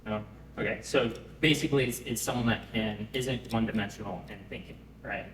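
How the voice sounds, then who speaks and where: A man giving a live pitch presentation to an audience, conversational and often checking in with them. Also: a little fast, background noise. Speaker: startup founder pitching. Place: event room. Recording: echoey room, mic at a distance.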